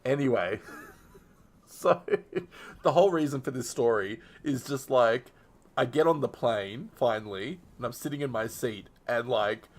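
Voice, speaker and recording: A man's voice: mid-range voice, lively intonation, unhurried. A man streaming, telling a long personal story in casual, rambling talk full of fillers and little laughs.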